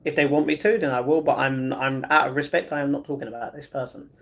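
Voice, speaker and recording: A man hosts a casual livestream, reading viewer comments aloud and answering them in a chatty, easygoing way. His voice is mid-range and fairly bright with vocal fry, and he often stumbles and restarts his sentences.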